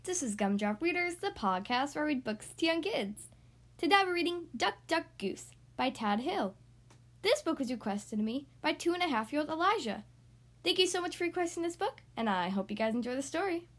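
A woman reads a picture book aloud for young kids in a bright, animated storytelling manner. Her voice sits high and moves around a lot. She hosts her own reading podcast. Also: brisk. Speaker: podcast host and children's book reader.

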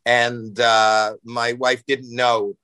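Animated older man telling stories. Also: medium pitch, drawn-out words, smooth, dry recording, low-quality recording. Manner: animated, with many fillers and restarts. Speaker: guest. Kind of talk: casual storytelling.

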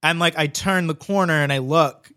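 A man's voice: a little high, normal speed, sharp tone. A man telling a long story in casual chat, rambling with lots of "like" and swearing. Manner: rambling, heavy use of "like", swearing.

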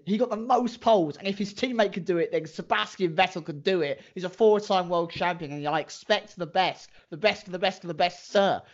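High-voiced playful podcast co-host, man. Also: lo-fi sound. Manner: playful, rambling, self-deprecating. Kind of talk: casual chat.

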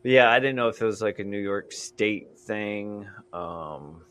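Slow, deep-voiced man hosting a podcast. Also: expressive, a loud crowd. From Indiana and Michigan. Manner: slow, easygoing, hesitant with many ums. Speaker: podcast host. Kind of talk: casual chat.

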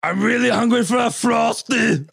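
A man's voice: very high voice, normal speed, vocal fry, fairly bright tone, husky, raised voice, voice pushed up, full character voice. A man doing a bellowing action-hero impression.

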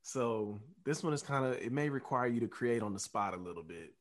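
A male podcast host asking interview questions in an unhurried, soft-spoken way. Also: medium pitch, animated.

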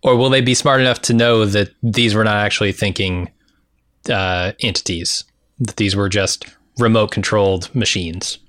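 A man co-hosting a casual podcast, recapping episode scenes from his notes in a relaxed, easygoing way. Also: fairly low pitch, moderate pace, no room sound, clean studio sound. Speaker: podcast co-host.

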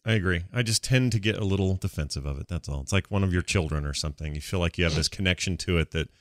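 A man co-hosting a casual gaming podcast, animated and self-deprecating, joking as he talks. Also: deep voice, fast, no room sound, studio quality. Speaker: podcast co-host.

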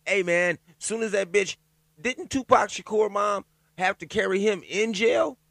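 A man talking alone in a loud, profane, joking commentary, riffing on a news story and reading parts of it aloud haltingly. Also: high-pitched, vocal fry, dry recording. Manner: loud, profane, animated riffing with laughs and asides. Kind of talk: casual profane commentary monologue.

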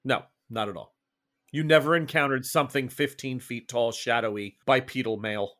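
A man running a tabletop horror game as game master, narrating slowly and deliberately. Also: mid-range voice, fairly bright tone. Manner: slow, deliberate descriptive narration.

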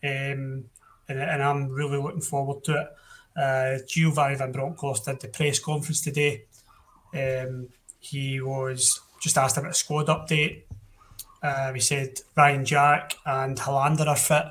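A man's voice: mid-range voice, little pitch movement, a little slow, fairly bright tone. A young Scottish man hosting a casual football podcast, blunt and opinionated, often restarting his sentences. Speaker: podcast host.

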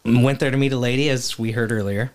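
A man's voice: mid-range voice, fast talker. A man in casual podcast chat, telling a rambling story and swearing freely. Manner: animated storyteller, swears often, acts out voices.

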